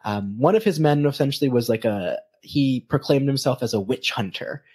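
A man's voice: mid-range voice, moderate pace, darkish tone, slightly rough. A man hosting a podcast, telling a story casually with many hesitations. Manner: hesitant, many ums and restarts. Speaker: podcast host.

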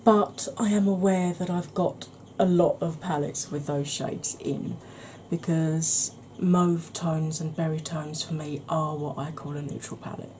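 A woman talking softly in a casual ASMR makeup video, drifting into whispers. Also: low-pitched, fairly even intonation, measured pace, slight background noise. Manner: chatty, softly spoken with whispered stretches. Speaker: beauty YouTuber. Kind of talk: soft-spoken ASMR makeup chat.

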